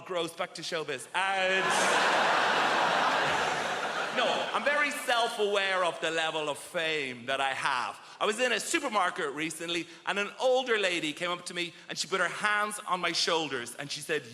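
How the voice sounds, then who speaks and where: Male stand-up comic, high voice, wry self-mocking storyteller, echoey theatre. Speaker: stand-up comedian. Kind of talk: stand-up routine. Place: large theatre stage. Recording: echoey hall with loud audience laughter. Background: roaring crowd laughter.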